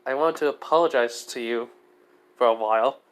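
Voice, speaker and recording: A man voicing a calm, blunt young swordswoman who speaks plainly and matter-of-factly. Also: medium pitch, normal speed, smooth, natural voice.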